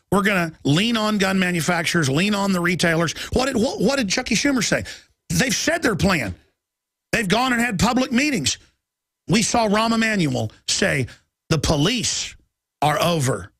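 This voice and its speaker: A middle-aged man hosting a political talk radio show, ranting urgently and reading headlines aloud in quick bursts. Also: sits high, a bit bright, dry recording. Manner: urgent, alarmed, rapid-fire ranting.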